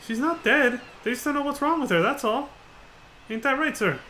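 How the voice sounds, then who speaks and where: A man's voice: very high-pitched, animated, normal speed, sharp tone, a little hiss or hum, pitched above the performer's own voice, full character voice. Man reading as an eager young sidekick. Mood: reassuring. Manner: earnest, tags sentences with "sir". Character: eager polite young male rebel sidekick.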